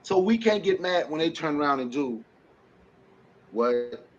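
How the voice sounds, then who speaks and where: Male panelist, passionate preachy delivery, slightly high pitch, dull stream sound. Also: lively intonation, unhurried. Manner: impassioned, preachy, with rhetorical questions and laughs. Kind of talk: livestream podcast commentary.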